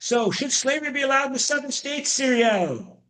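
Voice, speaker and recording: A man's voice: extremely high pitch, level tone, fast, pushed and bright. A man giving an online history lecture, rambling with frequent restarts and repeated words. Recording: echoey room.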